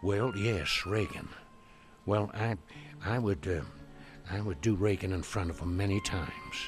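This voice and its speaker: An older man from Canada, a guest impressionist, telling lively show-business anecdotes by phone on a radio interview. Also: lowish voice, measured pace, over music. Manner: lively, animated storyteller who slips into other voices. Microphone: telephone call-in.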